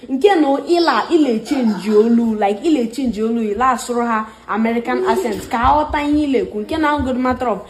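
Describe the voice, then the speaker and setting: A woman's voice: on the high side, quick pace, few pauses, a little mellow, echoey room, a little hiss or hum. A woman in a casual debate, talking insistently and mixing Igbo and English.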